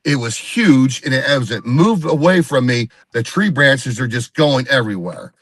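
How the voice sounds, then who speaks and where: A man's voice: medium pitch, lively intonation, normal speed, a bit bright, husky, dry recording. A man, a guest on a live video call, telling a story in a rambling casual way and acting out what others said. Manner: rambling, repeats himself, acts out quoted dialogue. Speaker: guest Bigfoot researcher.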